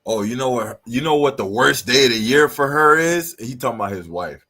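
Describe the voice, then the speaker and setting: A man's voice: mid-range voice, lively intonation, a little fast, bright, forceful tone. A man hosting a live stream, reacting to clips with blunt, profane, mocking commentary.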